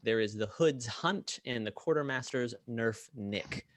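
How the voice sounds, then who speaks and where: A man's voice: medium pitch, a little slow, no echo. Rambling male game master, dry close sound. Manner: rambling, many fillers and restarts. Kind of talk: narrating a tabletop game.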